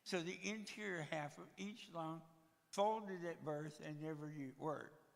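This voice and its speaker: A Tennessee man in his sixties, a guest speaker in a church sanctuary, shares humorous personal testimony, joking at his own expense as he recounts stories from his life. His fairly high voice moves at a measured pace with vocal fry, and his heavy breathing is clearly audible. The church hall adds noticeable reverberation.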